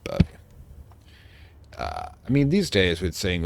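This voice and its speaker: A man's voice: on the low side, wildly swooping pitch, takes it slowly, vocal fry, long pauses, darkish tone, no echo. A man hosting a let's play, making chatty, wry asides while reading through a horror game. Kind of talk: gameplay commentary.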